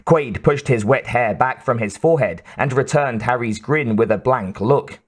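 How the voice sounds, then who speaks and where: A man narrates an audiobook from a script in a mid-range voice with a breathy edge. His delivery is measured and even, like a steady storyteller.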